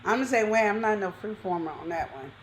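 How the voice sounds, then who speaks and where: A woman's voice: mid-range voice, fast talker, a little hiss or hum. Storytelling woman co-host. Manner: animated storytelling with repeated phrases. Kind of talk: casual chat.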